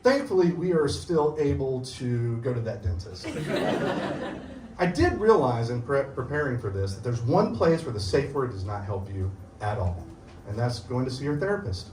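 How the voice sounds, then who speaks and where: A man's voice: mid-range voice, normal speed. A middle-aged man performing a live stand-up set at a small show, acting out quotes with voices. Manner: animated, acts out quotes with voices. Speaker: stand-up comedian. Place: small comedy show venue with audience. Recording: roomy venue audio from far off. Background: audience laughter and room noise.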